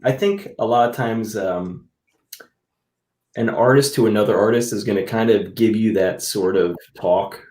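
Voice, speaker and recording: A man's voice: lowish voice, normal speed, a little mellow, reverberant. A man co-hosting a podcast, chatting casually and rambling, with lots of "you know" as he hedges his points. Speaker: podcast co-host, comic artist. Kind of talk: casual chat.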